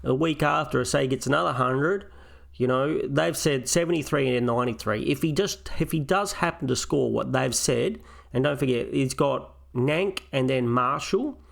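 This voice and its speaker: Male host, gravelly texture, casual solo review, talks through choices out loud. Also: medium pitch, normal speed. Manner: thinks aloud, weighing options step by step. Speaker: fantasy football channel host.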